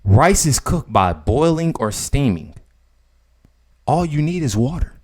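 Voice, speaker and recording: A young man, commenting casually on a video clip. He is incredulous, swinging between loud outbursts and low mutters. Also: sing-song, a little slow, pauses often.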